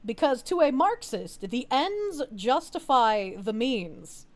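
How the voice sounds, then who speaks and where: A woman's voice: high voice, sing-song. Emphatic young woman streamer. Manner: emphatic, argumentative, fast. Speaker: streamer host. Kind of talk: casual political chat.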